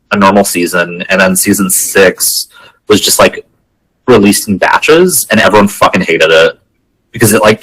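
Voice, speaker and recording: A man's voice: low voice, fairly bright tone, husky, poor audio. A man co-hosting a podcast in casual chat, laid-back and hesitant, often restarting his sentences. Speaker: podcast co-host.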